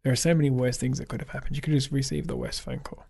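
A man's voice: mid-range voice, sing-song, racing, gravelly, warm tone, slightly rough. An Australian man, a photographer guest, chatting casually in an interview and telling upbeat anecdotes. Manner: upbeat anecdotal storyteller, acts out quoted dialogue.

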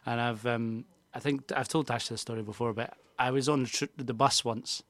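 A man's voice: mid-range voice, steady tone, moderate pace, fairly bright tone, no echo. A Scottish man, a guest on a comedy podcast, telling rambling anecdotes with swearing in casual chat.

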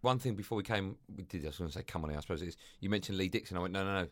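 A middle-aged man hosting a podcast, firing off teasing questions and quick jokes. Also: low voice. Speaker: podcast host. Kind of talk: casual chat.

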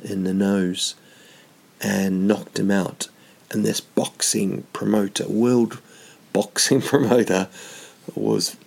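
A man's voice: mid-range voice, vocal fry, a little mellow. A middle-aged comedian hosting his podcast alone, telling meandering, self-mocking stories that drift into tangents. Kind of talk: rambling comic storytelling monologue.

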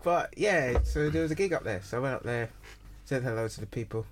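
A man's voice: mid-range voice, animated, fairly quick, noisy background. A man, a comedian guest, talking in a hesitant, rambling way in a casual chat.

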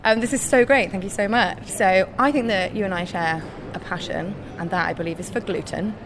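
A woman's voice: medium pitch, brisk, background noise. A young woman with a Scottish accent hosting a podcast, telling breezy, self-deprecating stories in a casual, chatty way. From Scotland. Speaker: podcast host.

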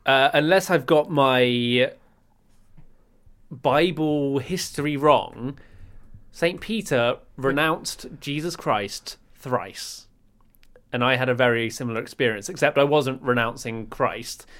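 A young English man co-hosting a podcast, telling stories in a wry, casual way with deadpan asides. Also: mid-range voice, takes it slowly. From England. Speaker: podcast co-host. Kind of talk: casual chat.

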